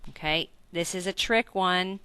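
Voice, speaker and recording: A woman's voice: fairly low pitch, unhurried, bright, forceful tone, smooth, no echo. A woman teaching a recorded Spanish grammar lesson in English, explaining step by step, checking in with questions and correcting her own slips.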